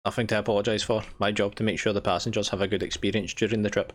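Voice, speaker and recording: A man voicing a courteous train conductor in a game, in his own lowish voice. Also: level tone, very fast, lightly acted. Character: polite, attentive train conductor.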